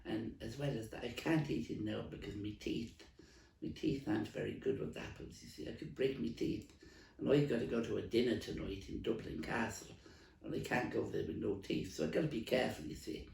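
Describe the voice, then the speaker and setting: Man putting on a gracious old queen, dark low tone, roomy distant mic. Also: a little fast, gravelly. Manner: polite, chatty, confiding. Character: gracious elderly queen, polite and kindly.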